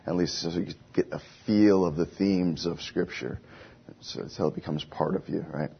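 Casting: a man with a low, husky voice as a chatty Bible teacher. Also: fairly even intonation, normal speed. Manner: conversational, asks the class questions. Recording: dull lo-fi recording.

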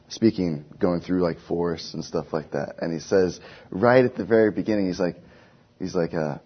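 Casting: a man with a low, husky voice as a chatty Bible teacher. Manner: conversational, asks the class questions. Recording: dull lo-fi recording.

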